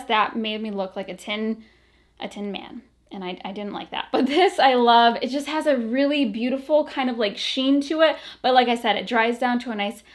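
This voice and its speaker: A woman vlogging casually about beauty products, chatty and full of fillers, a little out of breath. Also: fairly high pitch. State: a bit out of breath.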